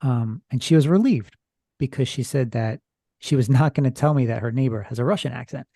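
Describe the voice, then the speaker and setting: A man with a gravelly, husky voice tells a story in a loose, rambling way, pausing often. His tone is dark and mellow, and the sound is close and dry. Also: medium pitch, no room sound. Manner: rambling, hesitant retelling from notes. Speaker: podcast guest. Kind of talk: casual storytelling chat.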